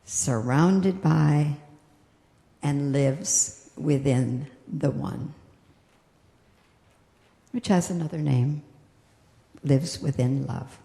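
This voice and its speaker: A woman minister giving a gentle, reflective sermon that slows down on its key phrases. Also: on the low side, creaky. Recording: echoey hall with long reverb.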